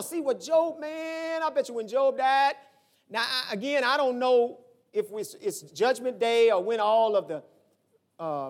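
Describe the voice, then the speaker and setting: A pastor preaches a sermon, telling stories and acting out the voices of the people in them. He swings from shouts down to low asides.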